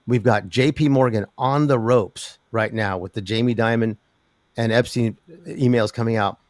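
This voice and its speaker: An older man, a guest in an interview talking about metals markets, who rambles with an animated delivery, many restarts and laughs. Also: mid-range voice, no room sound. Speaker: precious metals commentator.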